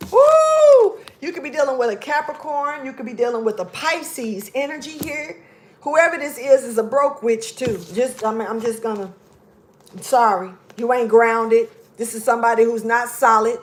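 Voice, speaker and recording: A woman giving a casual tarot reading, blunt and profane, emphatic, dropping to low mutters. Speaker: tarot reader.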